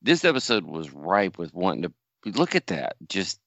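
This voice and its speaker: Low-voiced, bright, wry man. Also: very animated, moderate pace, vocal fry, no room sound, dull audio. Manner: wry, joking, opinionated. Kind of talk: casual chat.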